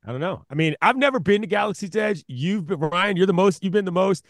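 An animated man co-hosting a podcast, with a high, lively voice that swings widely in pitch. A gravelly edge runs through his voice, and he laughs often between his lines. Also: quick pace, no room sound, clean studio sound. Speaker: podcast co-host. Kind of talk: casual podcast chat.

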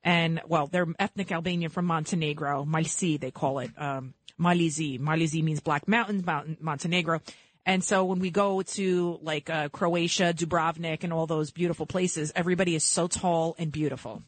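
A woman's voice: deep voice, fairly even intonation, normal speed, dry recording. A woman in her forties hosting a talk radio show, chatty and opinionated, rambling from one point to the next. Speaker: radio host. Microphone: studio mic.

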